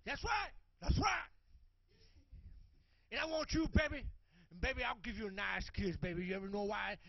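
A man voicing a brash, menacing male boxer who shouts swaggering trash talk. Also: high voice, normal speed, creaky, dry recording, muffled recording. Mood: taunting.

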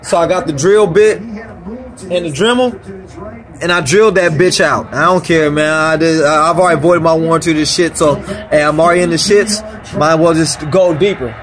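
A man's voice: a little high, normal speed, over music. An angry man talking casually as he repairs electronics on camera, swearing constantly and rambling. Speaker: vlogger repairing a console power supply. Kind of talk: profane casual repair vlog.

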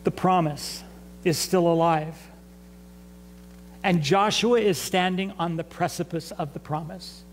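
A man's voice: sits high, steady tone, measured pace, long pauses, slight background noise, poor audio. A man preaching a sermon in a church in a conversational way, asking the congregation to respond. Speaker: pastor. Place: church sanctuary.

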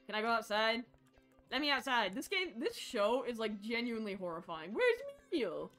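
Faint music plays behind a young woman streaming a horror game in a fairly high, brisk voice. She keeps up a jokey running chatter to herself and screams and laughs when something catches her off guard.

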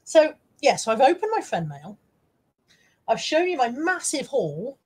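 A woman's voice: high voice, very animated, a little slow, a little mellow, slightly rough. A woman hosting a casual live stream, chatting to her viewers and reading out their comments, self-deprecating and swearing now and then.

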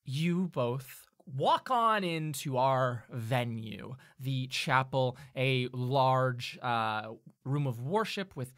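A man's voice: medium pitch, a bit bright, dry recording, studio quality. A man narrating a tabletop game as game master, rambling with many fillers.

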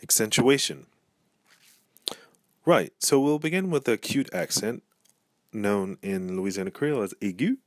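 Male tutor for an alphabet lesson: low-pitched, unhurried, repeats every example, dry recording. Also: expressive, no echo. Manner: slow, careful, repeats each word twice. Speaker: language teacher.

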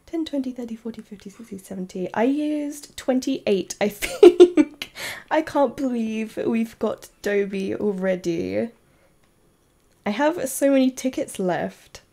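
A woman's voice: fairly high pitch, measured pace. Giggly, chatty woman streamer. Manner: chatty and giggly, bursts into excited squeals. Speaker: game streamer. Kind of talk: casual live-stream chat while playing.

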